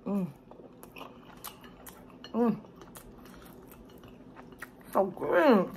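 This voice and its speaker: A woman's voice: medium pitch, expressive, extremely slow, a little hiss or hum. A woman doing a casual mukbang as a cooking vlogger, profane and chatty, calling the viewer "baby". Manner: loud, salty and profane, talks to the viewer as "baby". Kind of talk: casual mukbang eating commentary.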